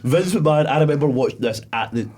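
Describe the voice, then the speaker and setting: A man's voice: fairly high pitch, fast talker, a little hiss or hum. A man co-hosting a podcast, telling stories in rambling casual chat with frequent laughter. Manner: rambling, laughing, animated storytelling. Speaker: podcast co-host.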